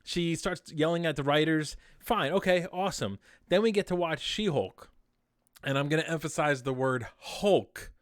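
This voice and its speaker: A man's voice: a little high, normal speed, smooth, dry recording, clean studio sound. Fired-up man ranting on a podcast. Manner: heated, ranting, exasperated. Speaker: podcast co-host. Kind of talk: casual podcast chat.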